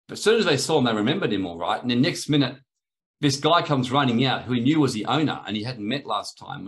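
A man's voice: medium pitch, animated, fast, a bit bright. Man telling spiritual stories in sermon. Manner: rambling, anecdotal, acts out quoted voices. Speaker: spiritual teacher. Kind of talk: sermon-style storytelling.

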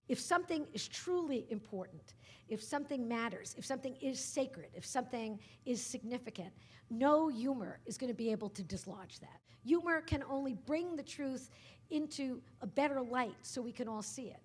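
A woman humorist with a high-pitched, animated voice gives a conversational, story-filled lecture to a live audience in a writers' workshop lecture hall, often tagging her points with asides. She speaks at normal speed with a slightly rough quality.

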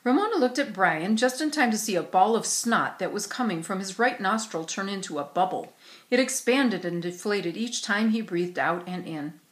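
A woman's voice: medium pitch, normal speed. Woman reading a children's story aloud. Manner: expressive storytelling. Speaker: narrator. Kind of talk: audiobook reading. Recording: roomy echo.

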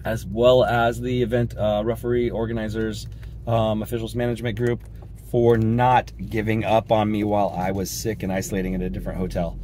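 A hoarse, raspy man from Colorado, chatting in a rambling, upbeat way with lots of ums while he drives. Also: lowish voice, flat delivery, fairly quick. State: hoarse from a cold. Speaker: vlogger and soccer referee. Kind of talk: casual driving vlog. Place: inside a moving car. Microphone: dash-mounted action camera. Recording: loud road and car noise.

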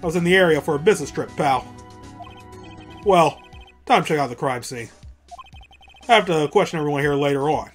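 Blunt, quick-talking male cop, voice pushed low, as a woman plays him. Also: faint music behind, lightly acted. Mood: gruff. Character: gruff blustering male police detective.

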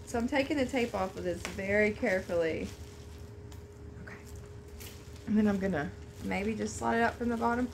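A woman vlogger chatting to camera at home while unboxing a gift, gushing and excitable. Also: mid-range voice, normal speed, creaky, long pauses, slight background noise. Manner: gushing, excitable, Southern-style "y'all". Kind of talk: casual chat to camera.

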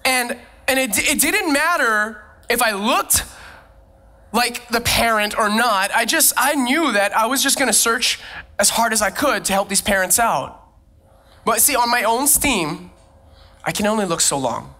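A man preaching a sermon as a pastor, who tells lively personal stories and laughs often. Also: extremely high pitch, measured pace. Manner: animated storytelling, frequent laughs.

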